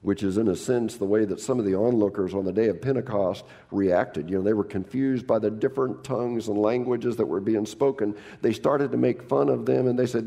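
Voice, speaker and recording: Gravelly-voiced pastor preaching a sermon. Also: male voice, lowish voice, brisk, hardly any pauses, dark tone, long reverb tail. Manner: humorous, acts out quoted people in raised voices. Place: church.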